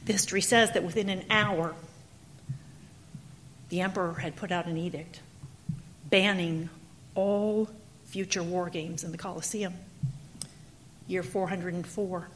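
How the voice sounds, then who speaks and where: A woman preacher telling a story in her sermon, in an animated, dramatic manner. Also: lowish voice, unhurried, long pauses, a little hiss or hum. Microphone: handheld or clip mic.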